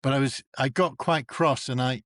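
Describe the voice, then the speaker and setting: A man from North East England tells stories in a lively, animated way, jumping up in pitch whenever he mimics someone. His voice sits at an ordinary middle pitch and is recorded dry and close with no room sound. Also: normal speed, no room sound. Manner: animated storyteller who acts out quoted people with big pitch jumps. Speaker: guest, comedian and actor. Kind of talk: casual chat.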